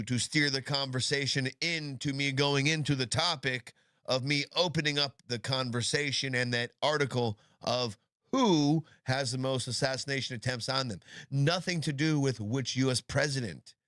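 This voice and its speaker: A man's voice: mid-range voice, a bit bright, no echo. Indignant man arguing on a dry mic. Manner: indignant, sarcastic, swearing, drawn-out emphasis. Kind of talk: heated casual argument.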